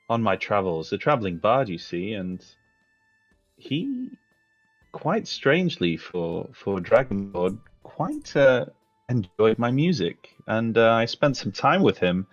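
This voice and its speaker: A man's voice: on the low side, highs cut off, heavily acted. A man voicing a courtly male halfling bard with a flowery, theatrical way of talking.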